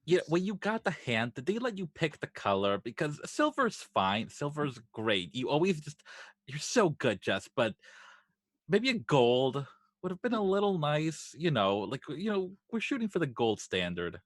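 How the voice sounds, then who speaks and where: A man's voice: on the high side, very animated, moderate pace, fairly bright tone, no room sound. Man playing a slick talent agent. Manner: smooth salesman spin. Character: slick money-minded male talent agent. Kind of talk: tabletop role-play.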